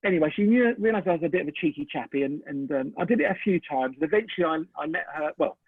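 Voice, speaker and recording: A middle-aged man, a photographer, telling a story in an animated way and acting out both sides of the conversation. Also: fairly high pitch, racing, breathy edge, dry recording. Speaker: photographer, interview guest. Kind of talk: casual anecdote in an interview. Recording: dry, tinny phone-like call audio.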